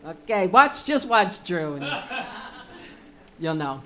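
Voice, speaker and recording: A woman's voice: on the low side, big pitch swings, takes it slowly, bright, forceful tone, a little hiss or hum, poor audio. A woman with a Southern accent introducing an original song with playful, laughing banter. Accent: Southern American. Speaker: singer. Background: guitar.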